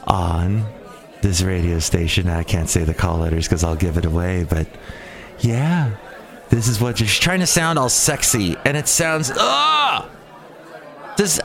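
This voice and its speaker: A man's voice: medium pitch, a bit bright. A man hosting a casual solo show, rambling and sarcastic as he jumps from topic to topic. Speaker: podcast host.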